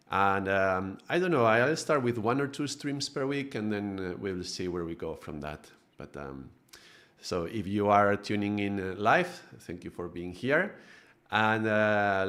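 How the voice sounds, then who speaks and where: A man from Spain, giving a calm live-streamed spiritual talk as a meditation teacher, with frequent hesitations. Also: fairly low pitch.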